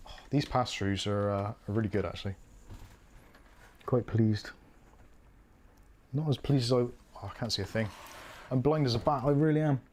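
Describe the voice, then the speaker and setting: A British man narrates his PC build live at a mid pitch, thinking aloud and poking fun at himself as he works. A faint hiss sits under his voice. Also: moderate pace, pauses often, darkish tone. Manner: chatty, self-mocking, thinking aloud while working. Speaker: PC build streamer. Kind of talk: casual live commentary.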